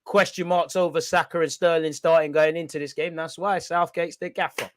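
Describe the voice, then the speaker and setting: A young man hosting a football watch-along, reacting loudly in slangy, shouty commentary. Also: on the high side, a little fast, heavy background noise. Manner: excitable, shouty and slangy, chanting and yelling at the referee.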